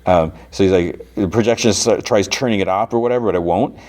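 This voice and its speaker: A man's voice: on the low side, fast talker, a little mellow. A man hosting a podcast, casually retelling a TV episode and quoting its characters, with lots of fillers. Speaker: podcast host.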